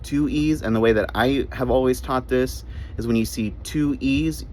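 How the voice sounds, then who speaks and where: A man's voice: medium pitch, moderate pace, darkish tone, a little hiss or hum, low-quality recording. A man giving short English grammar lessons, spelling words out letter by letter and repeating his key points. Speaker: English teacher.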